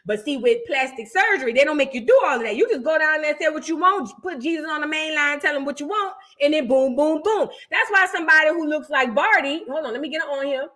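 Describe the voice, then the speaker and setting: A young woman with a high-pitched voice delivers celebrity gossip live. Her talk is brash, profane and mocking, and her tone is sharp and bright. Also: expressive, fast talker, hardly any pauses. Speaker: host reacting to celebrity news. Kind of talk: unscripted livestream commentary.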